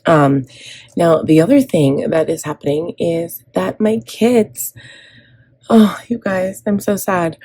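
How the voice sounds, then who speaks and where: A woman's voice: fairly low pitch, slow pace, mellow, breathy edge. A woman from Canada in her thirties chatting casually as she plans and decorates her planner, rambling with frequent ums and restarts. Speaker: planner vlogger.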